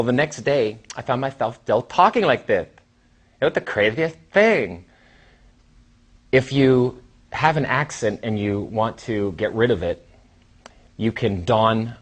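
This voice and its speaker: A man in his thirties giving a casual, rambling seminar talk as a trainer, with sighs and long pauses. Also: on the low side, expressive, slightly rough. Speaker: dating coach and trainer.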